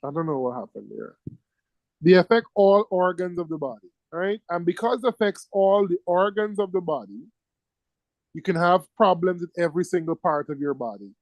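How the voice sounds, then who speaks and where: A man's voice: high-pitched, moderate pace, no echo, rough recording. A middle-aged man giving an exam-prep medical lecture. He is emphatic, repeats key words and keeps checking in with "right?".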